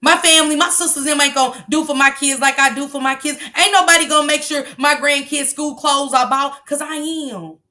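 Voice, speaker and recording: A woman's voice: high-pitched, fairly even intonation, fairly quick, hardly any pauses, pushed and bright. A middle-aged woman hosting a livestream, lecturing bluntly and profanely about parenting in a casual, preachy way. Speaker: livestream host.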